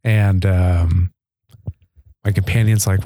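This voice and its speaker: A man's voice: deep voice, fairly even intonation, slow pace, dark tone, slight background noise. A man, a podcast guest, telling personal stories in an earnest, chatty way with frequent laughs. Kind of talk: casual storytelling.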